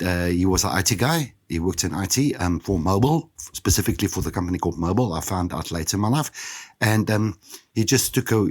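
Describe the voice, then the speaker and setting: South African man, fifties, very low voice, husky, candid personal storytelling. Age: 50s. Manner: candid, reflective, halting. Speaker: podcast host.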